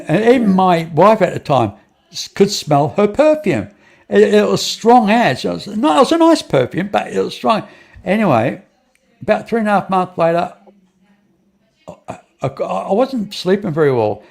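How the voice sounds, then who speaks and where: Older man, gravelly voice, fairly high pitch, rambling storyteller, interview guest. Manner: rambling, repeats phrases and restarts, acts out dialogue.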